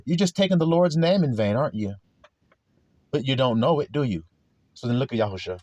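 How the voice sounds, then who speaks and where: A man's voice: mid-range voice, animated, a little fast, a little mellow, no room sound. A man preaching an informal sermon, confrontational and full of rhetorical questions, with coarse language.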